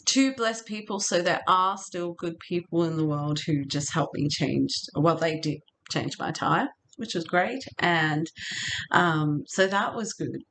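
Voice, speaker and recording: A woman's voice: lowish voice, unhurried, a bit bright, slight background noise. A middle-aged woman vlogger telling a story to camera in a casual, chatty way, often laughing.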